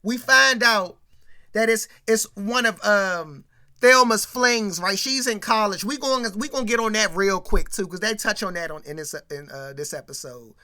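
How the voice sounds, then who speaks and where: Bright-voiced slangy recap vlogger. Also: mid-range voice, moderate pace. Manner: slangy, rambling, talks straight to the audience; gets louder and more animated when retelling scenes. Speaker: show recap commentator. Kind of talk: casual commentary recap.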